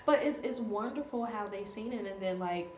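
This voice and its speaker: A lively woman tells stories in a relaxed chat. She laughs easily and slips into the voices of the people she quotes, at a middle pitch. The room rings around her, with a faint hiss underneath. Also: normal speed. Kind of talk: animated storytelling in a casual chat. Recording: echoey room with faint noise.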